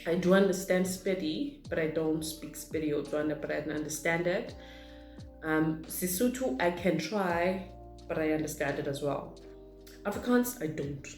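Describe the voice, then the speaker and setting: Woman rambling thru a q&a vlog, lowish voice, roomy echo, faint music under it. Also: normal speed, darkish tone. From South Africa. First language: Zulu. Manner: chatty, rambling, reads questions aloud then answers. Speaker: vlogger. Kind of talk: casual get-to-know-me Q&A. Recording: echoey room with faint music.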